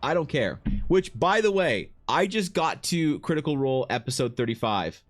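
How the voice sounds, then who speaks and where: A man's voice: a little high, sing-song, normal speed, faint music behind. A man streaming live as a fantasy artist, chatting casually with viewers in a rambling, profane, joking way, full of restarts. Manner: rambling, profane, jokey storytelling with many restarts. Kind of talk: casual livestream chat. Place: home streaming setup.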